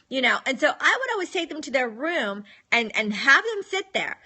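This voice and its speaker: A middle-aged woman talks casually to her live-stream viewers about disciplining children. Her voice is bright and sits a little high. She sounds firm and matter-of-fact, and she acts out the words she says to her kids. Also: very animated, moderate pace. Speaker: parenting advice host.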